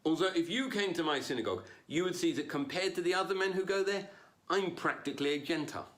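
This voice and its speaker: A man does a stand-up comedy routine online, swinging between loud punchlines and quiet asides at a fast clip.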